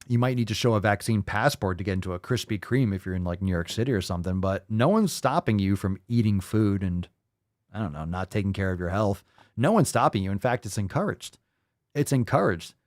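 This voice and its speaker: A man with a fairly low voice rants through commentary, swearing freely and dripping sarcasm. The sound is dry and close, with no room around it. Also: fairly quick, no echo. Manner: profane, sarcastic, mocking voices. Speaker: host. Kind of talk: ranting commentary.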